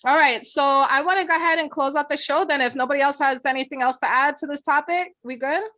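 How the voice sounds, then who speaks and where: A woman with a New York accent hosting a faith podcast, chatting casually and leading a prayer, animated and quick to laugh. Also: high-pitched. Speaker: podcast host.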